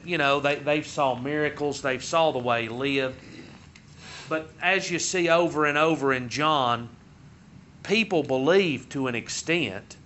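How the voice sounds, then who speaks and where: A man teaching a Sunday school Bible lesson in a conversational way, rising in pitch and force as he retells what the crowds said. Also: sharp tone, slight background noise. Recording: dull lo-fi recording.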